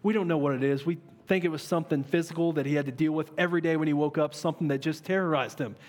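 A man in his thirties preaching a sermon as a pastor, earnest and animated, asking his listeners questions. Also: on the high side, rapid-fire. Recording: long reverb of a large hall.

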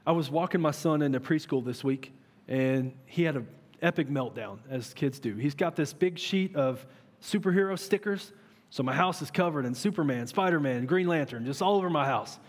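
A man in his thirties preaching a sermon as a pastor, earnest and animated, asking his listeners questions. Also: on the high side. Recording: long reverb of a large hall.

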